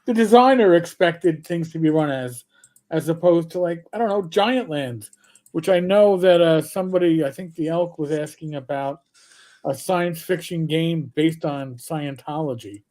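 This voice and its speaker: A man's voice: fairly high pitch, normal speed. Older male host, casual stream chat, rambling, profane, jokey. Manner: profane, rambling, animated joker.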